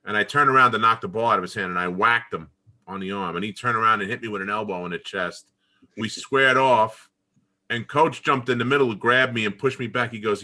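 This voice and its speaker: A man in his fifties co-hosting a casual video-call interview, telling lively stories and acting out the quotes. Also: lowish voice, a little fast. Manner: animated storytelling, acting out quotes. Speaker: podcast co-host, former player.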